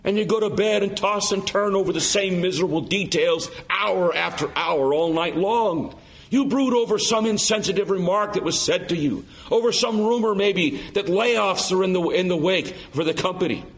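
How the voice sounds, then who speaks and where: A man's voice: high voice, normal speed. A man preaching a sermon, emphatic and full of rhetorical questions.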